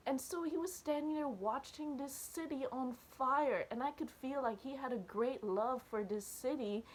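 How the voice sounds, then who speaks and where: A woman casually recounting a dream to viewers, animated and chatty, with many fillers and restarts. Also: sits high, moderate pace, husky. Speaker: church video speaker. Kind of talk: casual testimony about a dream.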